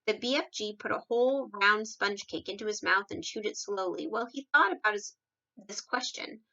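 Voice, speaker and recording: A woman reading a children's book aloud, steady storytelling with lively dialogue. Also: medium pitch, moderate pace, vocal fry, muffled recording. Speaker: reader.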